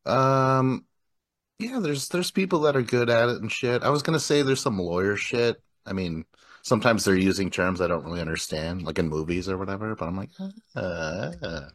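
A man's voice: on the low side, fairly quick. A man hosting a casual podcast in a laid-back way, laughing often and swearing casually. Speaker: podcast host.

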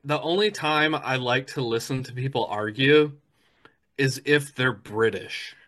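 A man co-hosting a casual podcast with a bright, forceful voice. He tells stories in an animated, chatty way. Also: medium pitch, unhurried. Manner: animated storytelling, breaks into mock voices. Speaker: podcast co-host.

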